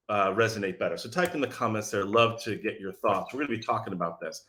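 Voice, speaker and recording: A man speaking from his office as a sales messaging coach, energetic and sarcastic, firing questions at his audience. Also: lowish voice, a little fast. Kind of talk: direct-to-audience pitch.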